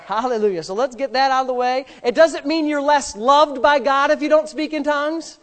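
High-voiced man preaching a sermon. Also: a little fast, hardly any pauses. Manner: emphatic preaching, swings from soft asides to loud shouts; jokes with the congregation. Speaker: pastor.

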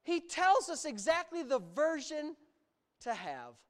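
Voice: high voice, sing-song, slow. A preacher from the United States delivering a sermon, talking emphatically, stretching words for emphasis and adding sarcastic asides.

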